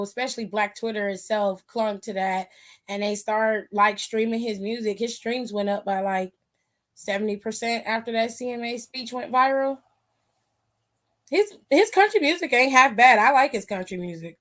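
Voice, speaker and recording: A woman co-hosting a casual wrestling chat, animated and slangy, laughing often. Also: a little high, moderate pace. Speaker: co-host.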